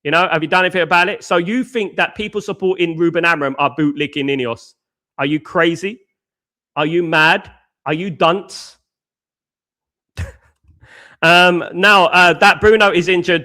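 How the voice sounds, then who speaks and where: A man's voice: fairly high pitch, steady tone, measured pace, long pauses, pushed and bright. A man hosting a live fan show, answering chat in casual slangy banter and firing off combative rhetorical questions. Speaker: host.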